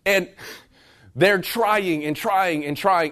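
This man's voice sits high and keeps a measured pace as he preaches in a church service room before a live congregation. He talks straight to the room, conversational and animated, alternating forceful loud bursts with quieter, personal stretches.

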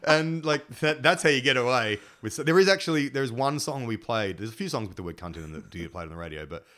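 A man's voice: medium pitch, fast. A man telling stories in casual chat, swearing freely and acting out what people said. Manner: animated storyteller, swears freely, acts out quotes. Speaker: musician guest.

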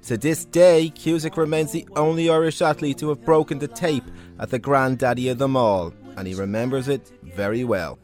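A man presenting a radio documentary, narrating from a script in a steady, measured way. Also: medium pitch. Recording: dry studio voice over faint music.

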